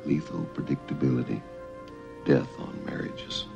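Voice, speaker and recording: An actor playing a charming, unpredictable plastic surgeon, smooth, witty and flirtatious. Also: male voice, extremely low pitch, moderate pace, full character voice. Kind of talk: TV film drama acting. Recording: muffled film audio with music.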